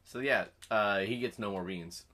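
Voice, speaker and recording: A teenage boy co-hosting a casual comedy podcast, telling stories in an animated way. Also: lowish voice, normal speed. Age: teens. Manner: animated storytelling. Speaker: podcast co-host. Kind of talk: casual chat.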